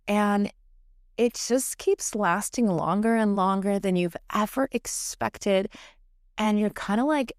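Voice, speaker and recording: A woman's voice: medium pitch, a little slow, clear, resonant tone, no echo. Young woman, podcast host, solo late-night confessional, swears freely, filler-heavy, laughs off the heavy stuff, dry close sound. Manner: frank and profane, chatty with many fillers; laughs through heavy topics. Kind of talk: candid solo podcast monologue. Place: home, recorded late at night.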